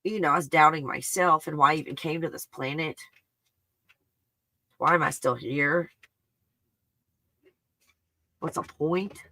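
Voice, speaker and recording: Female live-stream host, bright and crisp, effusive and emotional, dry close sound. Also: low-pitched, a little slow, pauses often, no echo. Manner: effusive and emotional, gushing with exclamations. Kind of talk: live-stream talk reading viewer comments.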